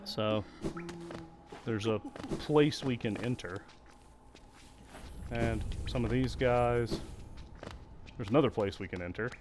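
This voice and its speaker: A man's voice: mid-range voice, takes it slowly, pauses often, background noise. A man giving casual, self-deprecating commentary while playing a video game. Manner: musing, self-deprecating, apologetic. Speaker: let's play host.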